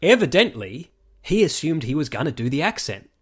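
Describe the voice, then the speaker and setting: A man co-hosting a casual podcast chat, animated and telling stories with quoted voices. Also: fairly high pitch, fairly quick, slightly rough. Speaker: podcast co-host.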